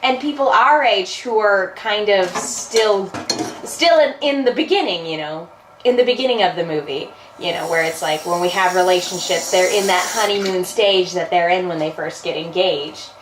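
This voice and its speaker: A woman's voice: lowish voice, moderate pace. A woman in her twenties or thirties co-hosting a casual movie review show, chatting with fillers and frequent laughs. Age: 20s or 30s. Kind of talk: casual chat. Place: in a car. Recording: roomy, distant, faint background hum.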